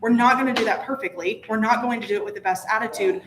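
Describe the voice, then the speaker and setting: A woman hosting a casual Bible study chat, telling stories with lively asides. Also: on the high side, fast talker. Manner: chatty storytelling, animated asides. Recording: echoey room, faint noise.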